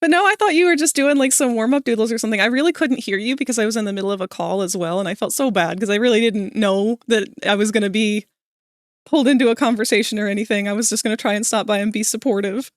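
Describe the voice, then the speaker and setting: A young woman streaming live while drawing, chatting casually with her viewers, sleepy but breaking into animated, laughing bursts. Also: a little high, quick pace, no echo, studio quality.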